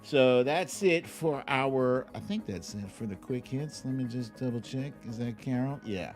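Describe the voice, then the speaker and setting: Male livestream host, slow easygoing talk, laughs a lot, casual commentary, soft music underneath. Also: mid-range voice, lively intonation. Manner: laughs often, drawls slowly when mocking.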